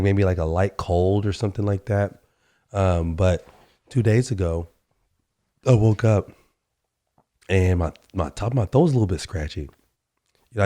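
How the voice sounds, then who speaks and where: A man with a low, dark and slightly hoarse voice hosts a solo podcast. He talks casually and loosely, with plenty of fillers and restarts. His tone stays mellow and easygoing. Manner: relaxed, chatty, many fillers and restarts. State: hoarse, recovering from a sore throat. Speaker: podcast host.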